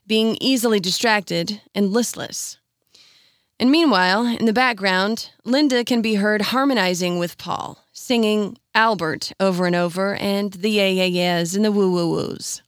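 A woman hosting a radio music feature, reading scripted narration in a measured, explanatory storytelling manner. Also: mid-range voice, no room sound, clean studio sound. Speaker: radio host.

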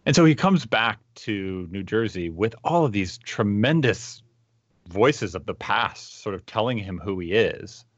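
A man's voice: fairly low pitch, a little slow, no echo. Thoughtful man on a dull video call. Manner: thoughtful, animated storytelling with frequent fillers. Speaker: podcast co-host. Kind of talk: casual conversational discussion.

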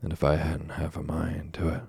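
A man's voice: rumbling low, monotone, normal speed, a little mellow, no echo, clean studio sound, exaggerated voice. A man growling as a fearsome escaped convict. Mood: threatening. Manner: gruff threatening orders.

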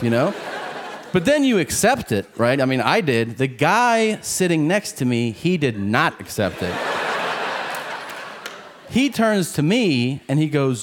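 On a comedy club stage in front of a live audience, a man performs stand-up, acting out the voices of the people in his jokes. His voice is fairly high, very animated and a little slow, and the live recording carries audience laughter and crowd noise.

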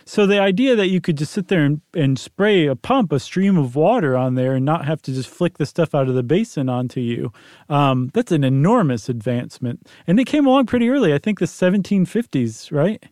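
A man's voice: on the high side, animated, fairly quick, darkish tone, dry recording, clean studio sound. A man co-hosting a podcast, chatting casually and explaining things in a playful, wry way. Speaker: podcast co-host. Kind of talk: casual chat.

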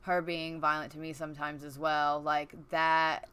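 Woman with a smooth, lowish voice. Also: flat delivery, unhurried, sharp tone. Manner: earnest, gives direct advice. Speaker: podcast co-host. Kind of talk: casual chat.

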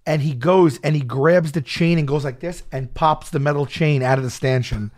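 A man telling a story in casual chat, animated and laughing often, acting out shouted quotes. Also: a little high, moderate pace.

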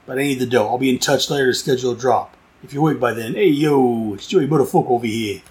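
A man's voice: medium pitch, steady tone, racing, close to an everyday voice. A man voicing a menacing gangster demanding money, in a brash, put-on tough-guy accent and a raised voice. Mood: threatening.

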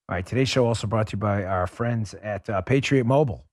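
A man hosting a political commentary show, ranting with heated scorn and dropping at times to a low, quieter mutter. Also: fast, hardly any pauses, no room sound, clean studio sound. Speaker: host.

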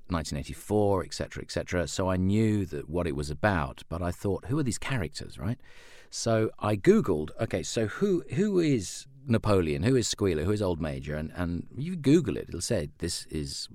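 A man's voice: a bass voice, no room sound, clean studio sound. A man who works as an audiobook narrator and voice actor, answering interview questions in a chatty, self-deprecating way. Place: lives in Australia.

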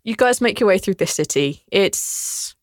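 A woman's voice: medium pitch, animated, a little slow, dry recording, studio quality. A woman narrating a tabletop game as game master, casual and descriptive with frequent fillers.

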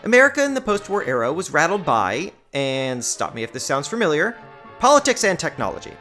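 A woman's voice: low-pitched, very animated, a little fast, fairly bright tone, faint music behind. A woman hosting a podcast, narrating a script with wry, playful asides. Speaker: podcast host.

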